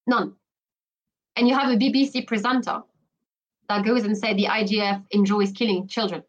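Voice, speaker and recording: Woman guest on podcast, mid pitch, emphatic, rambling with fillers. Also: steady tone, normal speed, lo-fi sound. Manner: emphatic, many restarts and "you know" fillers. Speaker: guest commentator. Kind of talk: podcast interview.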